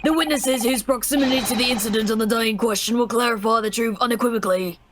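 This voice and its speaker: A woman's voice: fairly high pitch, fast talker, background noise. Woman reading formal courtroom lines. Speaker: player reading game dialogue.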